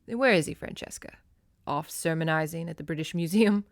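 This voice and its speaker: A woman reading as a loud, domineering romance hero. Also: sits low, brisk, no room sound, studio quality, pitched below the performer's own voice. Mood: angry demanding. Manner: demanding, loud and confrontational. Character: forceful grown man, a domineering romance hero.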